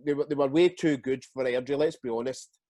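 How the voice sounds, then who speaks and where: A Scottish man in his forties, a guest telling stories in a casual interview, halting and repeating words as he goes. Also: medium pitch, dry recording. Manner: lively storyteller. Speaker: guest, retired footballer.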